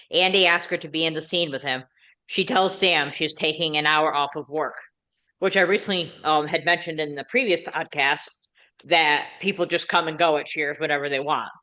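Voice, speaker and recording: A woman hosting a rewatch show, hard of hearing, recapping plot in quick run-on sentences. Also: low voice, sharp tone. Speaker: podcast host. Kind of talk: episode recap and casual chat.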